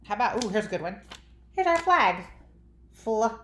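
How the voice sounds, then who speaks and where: A woman teaching young children a phonics lesson in an animated, drawn-out sing-song teacher voice. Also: medium pitch, slight background noise. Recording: echoey room.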